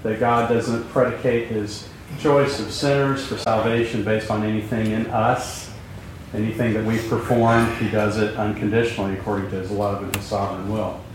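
A man's voice: lowish voice, flat delivery, moderate pace. A man leads a Bible class in a loose, chatty way, full of ums, quips and questions to the room. He is heard from some distance in a very echoey room. A faint hum of room sound sits behind him. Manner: conversational, many fillers, jokes with class. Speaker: Bible teacher. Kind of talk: informal classroom teaching with questions.

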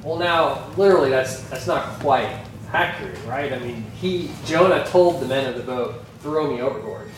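A man preaching a sermon as a pastor, in a slow, earnest manner that turns animated when he quotes. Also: mid-range voice, a little hiss or hum. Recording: echoey hall, voice from a distance.

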